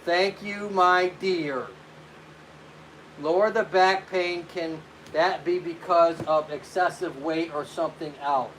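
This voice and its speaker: A man's voice: fairly high pitch, fairly even intonation, takes it slowly, fairly bright tone, a little hiss or hum. A man hosting a casual live stream as a physical therapist, chatting loosely, greeting viewers by name and answering their questions.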